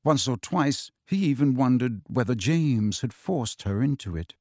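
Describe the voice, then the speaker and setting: A man narrating a novel in measured, deliberate audiobook style. His voice sits at a middle pitch and the recording is dry and close, with no room sound. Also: expressive, darkish tone, no echo. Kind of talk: scripted narration.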